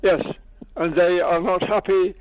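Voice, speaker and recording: A Scottish man rings in to a radio phone-in and speaks slowly and insistently. His voice is fairly high. The sound comes through a thin, tinny phone line. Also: fairly even intonation. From Scotland. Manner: slow, insistent and earnest.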